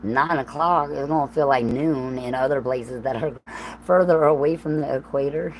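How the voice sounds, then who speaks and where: A woman with a Southern US accent talks straight into her livestream, her voice sitting unusually low. She rambles from thought to thought with coarse language and laughing asides. A faint hum runs under the recording. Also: moderate pace, rough recording. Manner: profane, stream-of-consciousness, laughing asides. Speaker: livestream host.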